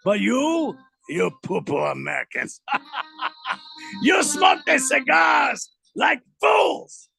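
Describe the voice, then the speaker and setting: A man's voice: medium pitch, animated, brisk, creaky, fairly bright tone, soft background music. A man voicing a snooty Frenchman who mocks Americans in an exaggerated French accent. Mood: mocking, taunting. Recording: dry studio sound.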